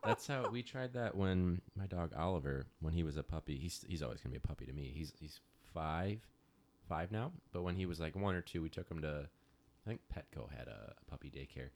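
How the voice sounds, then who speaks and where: A young man in casual chat, telling stories in an animated, chatty way. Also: extremely low pitch, a little fast. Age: young adult.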